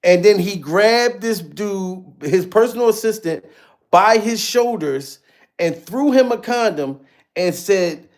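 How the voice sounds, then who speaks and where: Man, high voice, livestream host, slangy casual talk, laughs a lot. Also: lively intonation, slow pace. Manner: laughs often, slangy, loose and chatty. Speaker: livestream host reading chat.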